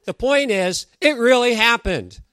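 A man's voice: very high-pitched, expressive, measured pace, pushed and bright, clean tone, no echo. A middle-aged man giving a conversational sermon, reading scripture aloud and joking with the congregation. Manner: chatty, jokes with the congregation, reads scripture aloud. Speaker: pastor.

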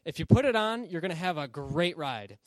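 A man voicing a cheerful female flight attendant who talks up a product with a raised, sales-pitch voice. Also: very animated, brisk, dry recording. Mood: upbeat.

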